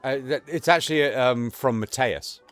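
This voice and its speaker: A man's voice: medium pitch, normal speed, a bit bright, soft background music. A man with an Estuary English accent from England, chatting casually on a podcast, rambling with lots of stumbles and restarts and some crude banter. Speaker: podcast co-host. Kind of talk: casual chat.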